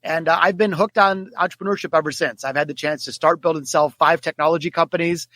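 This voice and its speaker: Man, 40s, podcast guest, quick energetic storytelling, slightly high voice. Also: no echo. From Detroit, United States. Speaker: guest author. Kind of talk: podcast interview.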